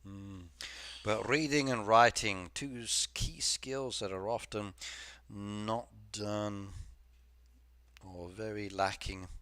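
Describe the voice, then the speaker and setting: A man's voice: on the low side, fairly even intonation, takes it slowly, sharp tone, smooth, no room sound. A man chatting casually with viewers on a game live stream, rambling from topic to topic and reading comments aloud. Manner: frequent fillers and repeated yeses.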